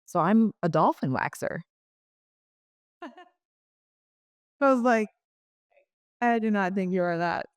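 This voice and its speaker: A woman's voice: mid-range voice, expressive, takes it slowly, pauses often, no room sound. A middle-aged woman, a podcast guest, telling a personal story frankly and chattily, acting out the dialogue she quotes.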